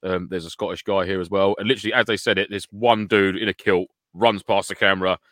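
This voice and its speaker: Fast-talking British man, low voice. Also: steady tone, fairly bright tone, dry recording, clean studio sound. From United Kingdom. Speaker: podcast co-host. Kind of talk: casual podcast chat.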